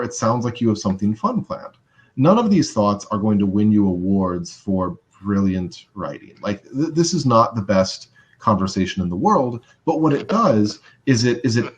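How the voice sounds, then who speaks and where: Male social skills trainer, low-pitched and casual, teaching over slightly muffled webinar sound. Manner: casual and conversational, many fillers, mimics overreactions in a high voice.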